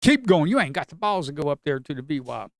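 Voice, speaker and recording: Excitable man trading live. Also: a little high, quick pace, vocal fry, no echo, studio quality. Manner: excitable, swings from shouting to muttering, talks to the market. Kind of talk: live commentary on his own trades.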